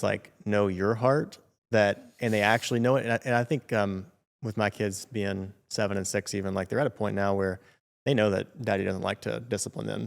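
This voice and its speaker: A man's voice: on the low side, gravelly. A man in his thirties co-hosting a casual discussion, affirming and reflective. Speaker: podcast co-host. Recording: reverberant room.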